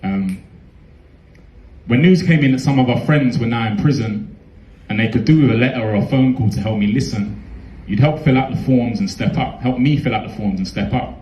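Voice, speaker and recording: A man's voice: mid-range voice, moderate pace, warm tone, reverberant, slight background noise, rough recording. A young man with a London accent performing a heartfelt spoken word poem in a rhythmic, rhyming delivery.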